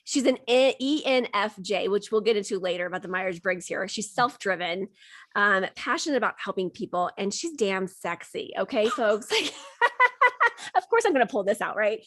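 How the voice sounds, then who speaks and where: A woman's voice: mid-range voice, big pitch swings, moderate pace, fairly bright tone, no echo. A woman hosting a talk show, chatty and bubbly, giggling often with lots of fillers. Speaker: host. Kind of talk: scripted intro then casual interview chat.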